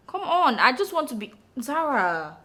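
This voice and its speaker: A woman's voice: high-pitched, sing-song, unhurried, sharp tone, heavily acted. An actress with a Nigerian accent playing a house help who coaxes a child and later mocks her. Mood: coaxing. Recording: music under the dialogue. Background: film score.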